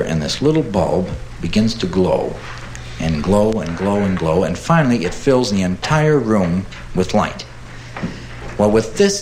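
A man telling a comic story in a relaxed, meandering way, with fillers. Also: on the low side, reverberant, a little hiss or hum, rough recording. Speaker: comedian. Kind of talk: storytelling bit.

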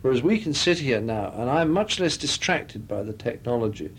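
A man's voice: mid-range voice, lively intonation, moderate pace, a little hiss or hum. A man talking as a guest in a radio interview, telling chatty anecdotes into a studio microphone.

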